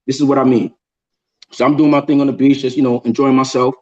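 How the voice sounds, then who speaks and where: A man hosting a casual group chat on a video call, telling a story in an animated way and often repeating words. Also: mid-range voice, quick pace, dull audio. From New York. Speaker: show host.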